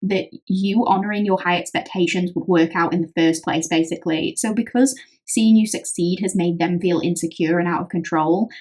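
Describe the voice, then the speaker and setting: A woman's voice: fairly low pitch, fairly even intonation, normal speed, darkish tone. A British woman giving a chatty pick-a-card tarot reading, talking straight to the viewer and acting out what other people say. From Britain. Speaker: tarot reader.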